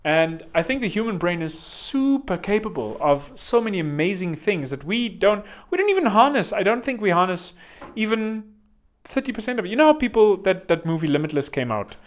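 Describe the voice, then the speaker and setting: Chatty man with a higher voice. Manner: rambling, chatty, joking asides. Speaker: podcast host. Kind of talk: casual podcast monologue.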